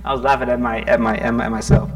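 A man preaching a sermon in a conversational, animated way, often restarting his words and joking at his own expense. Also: medium pitch, rapid-fire. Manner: conversational, self-deprecating, animated with stuttering restarts. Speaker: pastor.

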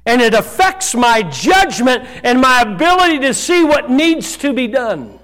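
High-voiced preaching pastor, a man. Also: sing-song, unhurried. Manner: preaching with sudden shouts and quieter scripture reading. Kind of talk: sermon. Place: church.

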